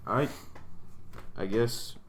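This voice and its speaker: A man playing a tabletop game, relaxed and casual, counting his dice rolls aloud. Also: medium pitch, slow pace, over music.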